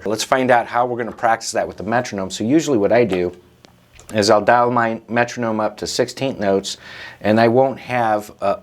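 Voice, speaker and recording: A man hosting a drum lesson, patiently explaining rudiments and counting stickings aloud. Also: on the low side. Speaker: drum teacher and show host. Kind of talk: instructional talk to camera.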